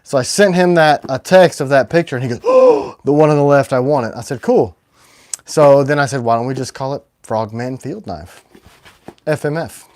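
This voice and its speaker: A man's voice: medium pitch, moderate pace, a little mellow, no room sound. A man hosting a casual livestream as a knife maker, rambling and self-deprecating.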